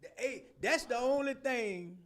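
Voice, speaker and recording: High-voiced, laughing middle-aged man. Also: unhurried. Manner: laughs often while telling stories; Southern slang, animated and loud. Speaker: podcast host. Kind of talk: casual storytelling chat.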